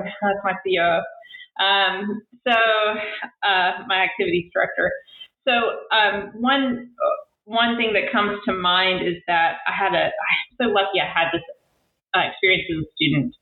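A woman's voice: mid-range voice, steady tone, measured pace, roomy sound, narrow, tinny audio. A woman physical therapist guest talking casually in an interview, full of fillers and restarts. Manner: chatty, many fillers and restarts.

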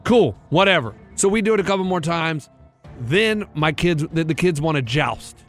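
A man's voice: fairly high pitch, moderate pace, faint music behind. A man in his thirties, a radio show co-host, telling a rambling story and acting out the voices in it. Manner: rambling animated storytelling, acts out quotes. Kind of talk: casual chat, storytelling.

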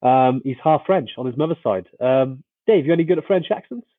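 A man's voice: medium pitch, lively intonation, a little fast, dry recording, phone-quality sound. A man co-hosting a casual live-stream chat, friendly and laid-back.

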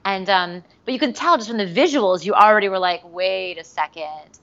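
A woman guest in a casual interview, talking in an animated way with many fillers and restarts. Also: mid-range voice, fast talker. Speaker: voice actress guest. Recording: dull lo-fi recording.

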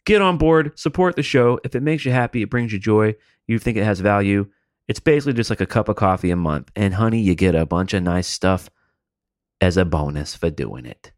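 A man's voice: fairly low pitch, lively intonation, brisk, no room sound, studio quality. A man co-hosting a podcast, telling loose stories with casual swearing. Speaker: podcast co-host. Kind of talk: casual banter.

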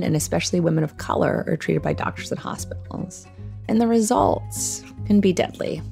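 A woman hosting a podcast, her voice hoarse from a sore throat, speaking in a measured, earnest way. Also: fairly low pitch, darkish tone. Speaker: podcast host. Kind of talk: podcast interview.

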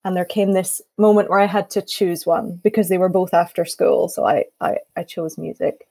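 Scottish lady guest, mellow warm voice, tells her story w/ acted-out quotes. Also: fairly low pitch, fairly even intonation, moderate pace, vocal fry, husky, low-quality recording. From Scotland. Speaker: guest musician. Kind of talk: casual panel chat.

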